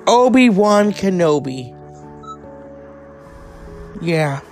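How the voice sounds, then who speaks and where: A man's voice: high-pitched, sing-song, extremely slow, exaggerated voice. A man doing a crude, blunt impression of a brash, foul-mouthed dead actress, with faint music behind. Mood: mocking.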